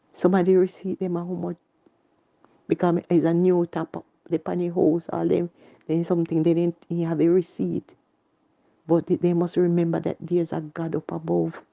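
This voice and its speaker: A woman's voice: fairly low pitch, gravelly, warm tone, dull audio. A woman with a Jamaican accent telling her personal story in earnest, repetitive Patois. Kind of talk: emotional personal testimony.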